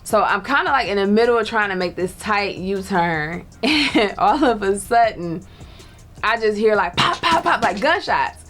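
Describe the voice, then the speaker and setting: A woman tells a personal story in a relaxed, chatty way. She laughs often and acts out other people's lines as she goes. Faint music plays underneath. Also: mid-range voice, moderate pace. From Detroit. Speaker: storyteller guest. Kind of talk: casual storytelling.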